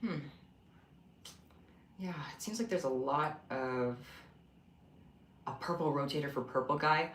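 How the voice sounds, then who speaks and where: A young man chatting casually on a home craft livestream, expressive and rambling. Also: fairly high pitch, measured pace, long pauses, slight background noise. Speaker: craft streamer. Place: room at home. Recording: echoey room.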